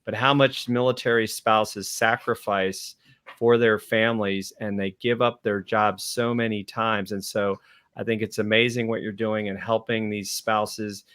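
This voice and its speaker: A man's voice: fairly low pitch, level tone, measured pace, a bit bright, smooth. A man co-hosting a talk show, speaking in an upbeat, enthusiastic, casual way. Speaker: co-host. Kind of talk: casual chat.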